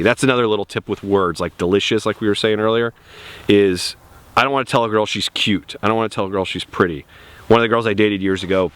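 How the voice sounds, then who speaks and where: A man's voice: lowish voice, fast, a bit bright. A young man giving blunt, profane dating advice in a casual outdoor vlog. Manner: blunt and profane, laid-back. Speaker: dating coach.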